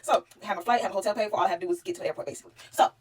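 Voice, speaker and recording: A young woman, telling her life story to camera in a casual, profane and animated way. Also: medium pitch, rapid-fire. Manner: animated, profane, talks straight to the viewer.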